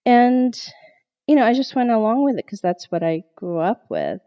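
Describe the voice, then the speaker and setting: A middle-aged woman, a therapist guest on a podcast, telling a personal story in an animated way and acting out her own past thoughts. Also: on the high side, normal speed, muffled recording.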